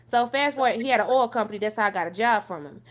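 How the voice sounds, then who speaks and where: A young woman talks through her own past. She is blunt and profane. She keeps pushing the story on with "so fast forward". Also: a little high. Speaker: guest telling her life story. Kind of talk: candid personal storytelling on a call-in show.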